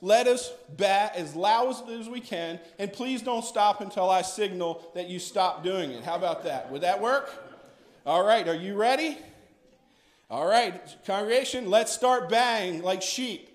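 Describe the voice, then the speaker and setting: Pastor guy talking to the kids at church, high voice, gentle and playful, big echoey room. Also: measured pace. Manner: gentle, coaxing, playful with children. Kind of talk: children's message in a church service. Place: church sanctuary.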